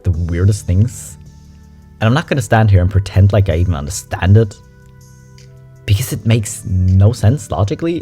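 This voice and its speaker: A young adult nonbinary vlogger reacting to memes in a chatty, frank, animated way, swearing casually. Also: low-pitched. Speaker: meme reaction host. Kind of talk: casual meme commentary.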